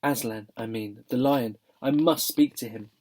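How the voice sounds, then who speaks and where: A man's voice: medium pitch, a little slow, a little mellow, natural voice. A man voicing a young boy who speaks urgently and earnestly. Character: anxious, determined young boy.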